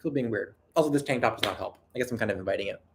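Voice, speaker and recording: A nasal-voiced livestream host with a fairly low pitch speaks very fast over background noise. He answers viewer questions casually, rambling and self-deprecating, restarting frequently and laughing along the way.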